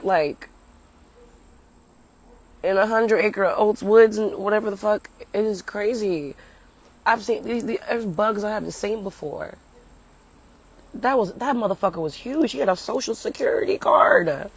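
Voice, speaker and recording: Her mid-range, slightly rough voice moves at a measured pace with long pauses as she tells a rambling story. She's a young American comedian livestreaming on her phone at arm's length from home, partly outdoors, swearing freely and breaking off to chat with viewers over poor audio.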